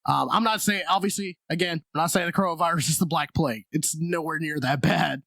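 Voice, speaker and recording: A man's voice: a little high, quick pace, creaky, a bit bright, dry recording. A man co-hosting a comedy podcast, rambling and swearing in casual chat and laughing often. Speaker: podcast co-host.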